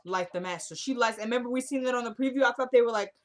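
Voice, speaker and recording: A woman's voice: fairly high pitch, rapid-fire. A young woman casually recapping a TV drama episode, retelling each scene by acting out the characters' lines.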